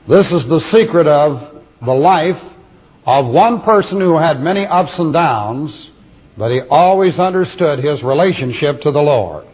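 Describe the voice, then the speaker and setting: A male preacher giving a sermon in a measured, emphatic way, repeating refrains for weight, on a dull lo-fi recording. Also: on the high side, a little mellow, breathy edge.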